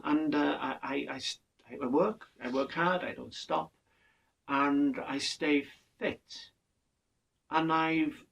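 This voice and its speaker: Gravelly older man musing. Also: mid-range voice, recorded from a distance, highs cut off. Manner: earnest, measured, with repeated restarts. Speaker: podcast speaker. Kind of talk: reflective monologue.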